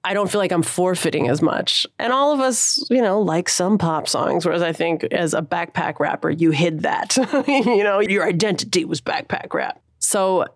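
A woman's voice: on the low side, normal speed, no echo, clean studio sound. A woman musician in her thirties, talking casually and thoughtfully in an interview, using slang and laughing often. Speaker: musician guest.

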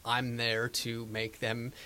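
A man hosting an interview and asking the guest questions. He talks casually and haltingly, searching for his words as he goes. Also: medium pitch, completely flat delivery, sharp tone, clear, resonant tone. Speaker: interview host.

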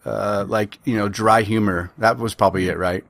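A man's voice: fairly low pitch, steady tone, normal speed, gravelly, a bit bright, dry recording. Chatty male podcast host, dry sound. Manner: chatty, rambling with restarts. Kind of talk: casual interview chat.

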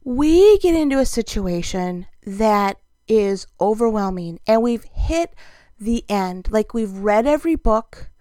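A woman's voice: mid-range voice, expressive, measured pace, mellow, no echo. A middle-aged woman tells a chatty, self-deprecating story in a casual monologue and laughs often.

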